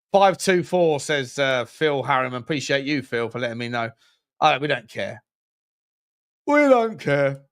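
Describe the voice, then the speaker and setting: A man streaming a football watchalong, giving running commentary on the game with jokes and shout-outs to viewers. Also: medium pitch, clear, resonant tone. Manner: jokey, excitable, chats with viewers between plays. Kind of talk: live match commentary and chat.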